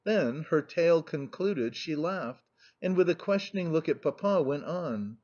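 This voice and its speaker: A man narrating a classic novel in a measured, even reading. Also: fairly high pitch. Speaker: audiobook narrator. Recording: muffled lo-fi recording.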